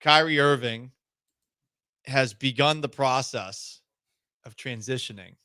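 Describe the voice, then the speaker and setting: A man's voice: mid-range voice, takes it slowly, bright, forceful tone, clear, resonant tone, dry recording. A man hosting a sports talk radio show in a studio, speaking in a wry, sarcastic way.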